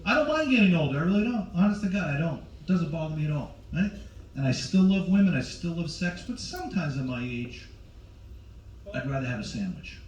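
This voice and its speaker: A man's voice: on the high side, big pitch swings, fairly quick, recorded from a distance, noisy background. Brash man doing stand-up in roomy lounge. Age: 40s. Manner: brash, teasing, talks to the crowd. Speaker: stand-up comedian. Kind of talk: stand-up comedy with crowd work. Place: cruise ship show lounge with live audience.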